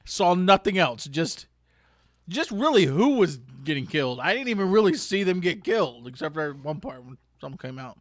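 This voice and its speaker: A man's voice: on the high side, very animated, normal speed, no room sound, clean studio sound. A man co-hosting a casual podcast, talking offhandedly and sometimes mumbling through food. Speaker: podcast co-host. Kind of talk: casual chat.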